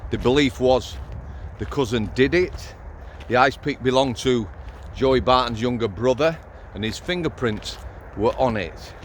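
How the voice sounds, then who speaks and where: Speaking unhurriedly in a mid-range voice, a middle-aged channel host who used to be a prison officer tells stories bluntly and with swearing. It's a casual outdoor vlog with faint street noise.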